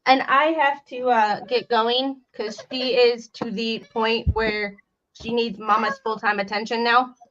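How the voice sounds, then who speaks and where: A woman's voice: on the high side, fairly even intonation, a little slow, a bit bright, dull audio. A woman hosting a casual livestream chat from home, talking loosely and laughing between remarks. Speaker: host.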